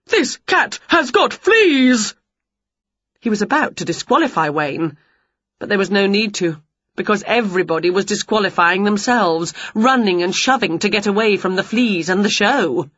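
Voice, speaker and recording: Reading an English picture book to kids, a woman whose first language is Chinese tells the story slowly and with life. Her voice is medium-pitched and husky, with no echo on a dull, lo-fi home recording.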